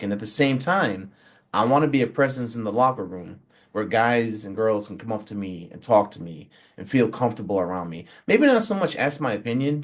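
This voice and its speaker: Animated forty-year-old man telling stories. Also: fairly low pitch. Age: 40s. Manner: animated storyteller who acts out quotes, many fillers. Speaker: pro wrestler and referee guest. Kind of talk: casual interview storytelling.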